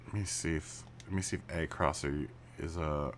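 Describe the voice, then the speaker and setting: A man with a steady bass voice live streams a racing game at a moderate pace, chatting casually with viewers. He laughs a lot and keeps restarting sentences. He uses a studio mic through a mixer, with slight background noise.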